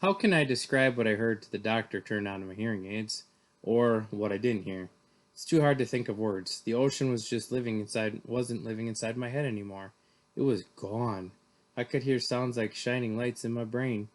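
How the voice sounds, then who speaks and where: A man's voice: lowish voice, moderate pace. A man reading a novel aloud in first person, plainly, with the odd slip and restart. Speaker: reader.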